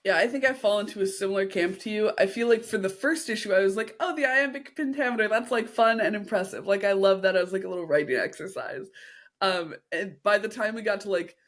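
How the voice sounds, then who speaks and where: A woman's voice: mid-range voice, fast. Upbeat woman co-hosting a podcast. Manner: upbeat, agreeable, steers the talk. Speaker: podcast co-host. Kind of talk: casual chat.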